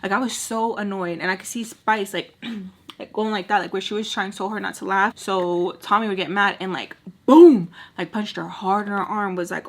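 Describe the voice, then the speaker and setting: A woman chatting through a storytime while doing her makeup, animated and acting out other people's lines. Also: medium pitch, normal speed. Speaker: beauty vlogger telling stories. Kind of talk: casual storytime chat.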